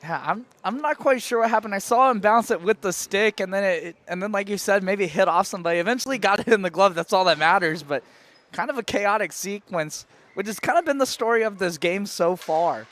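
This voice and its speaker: High bright play-by-play guy, rapid calls, yells on the goals, bit of rink noise. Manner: rapid calls that jump to shouts on shots and goals. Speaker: play-by-play commentator. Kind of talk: hockey play-by-play commentary.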